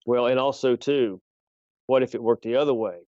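A man's voice: medium pitch, moderate pace, dark tone, dry recording, muffled recording. A man, a guest author on a faith podcast, speaking emphatically and issuing a challenge, with frequent restarts.

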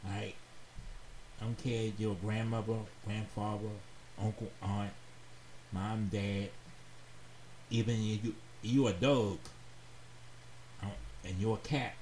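Man, radio talk host, earnest advice, repeats himself, lowish voice, roomy echo. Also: fairly even intonation, a little mellow. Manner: slow, earnest and preachy, repeats phrases for emphasis. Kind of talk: heartfelt advice monologue to listeners. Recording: roomy echoey sound with faint background noise.

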